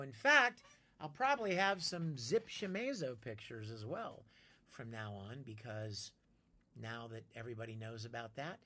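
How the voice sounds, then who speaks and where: A man hosts a casual live stream, chatting with his viewers and answering them by name. His voice sits slightly high for a man and has a bright, forceful edge. He talks in an easy, conversational way. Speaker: live streamer reading chat.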